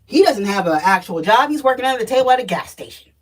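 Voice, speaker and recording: A woman in her thirties tells her story in a casual vlog, blunt, profane and emphatic. Her voice sits a little high and sounds somewhat distant from the mic. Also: animated, quick pace. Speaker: spiritual energy reader.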